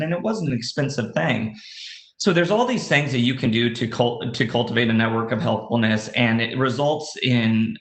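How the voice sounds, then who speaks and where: A man speaking at a business conference, telling a story in an easygoing, conversational way. His pitch sits in a middling range, and he fills his speech with ums and restarts. The voice carries a noticeable room echo. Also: fairly bright tone. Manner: storytelling, many fillers and restarts. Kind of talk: conversational keynote talk. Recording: roomy echo.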